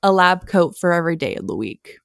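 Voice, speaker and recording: A woman's voice: on the low side, very animated, fairly quick, creaky, fairly bright tone, no echo, clean studio sound. A woman co-hosting a casual podcast, chatting and laughing easily, with plenty of likes and fillers. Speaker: podcast co-host.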